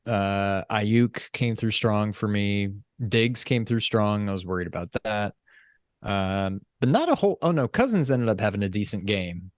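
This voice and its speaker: A man with a fairly low voice chats on a podcast in an easygoing, animated way. He tells his stories with enthusiasm. The recording is close and dry. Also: normal speed, dry recording. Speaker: podcast co-host. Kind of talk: casual chat.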